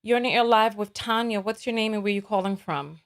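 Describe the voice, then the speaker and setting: A woman's voice: mid-range voice, brisk. A woman hosting a live call-in talk show, conversational and repeating phrases as she thinks aloud.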